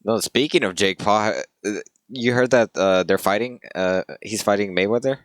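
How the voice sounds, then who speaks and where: A man's voice: lowish voice, normal speed. A young man co-hosting a podcast, chatting casually and jokingly, often trailing off. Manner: joking, rambling, trails off quietly. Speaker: podcast co-host. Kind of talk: casual chat.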